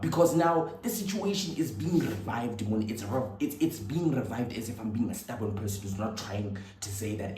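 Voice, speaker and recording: A young man, telling a personal story in an animated, slangy way that swings between loud and hushed. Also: on the low side, a little fast, hardly any pauses, slight background noise. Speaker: vlogger. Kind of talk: storytelling monologue. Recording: echoey room with faint ambience.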